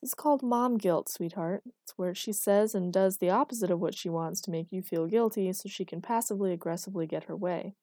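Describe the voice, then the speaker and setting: A patient, wry grown son who explains things with gentle teasing, read by a woman narrator. The voice is warm and mellow, close and dry. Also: mid-range voice, fairly quick, hardly any pauses, dry recording, natural voice.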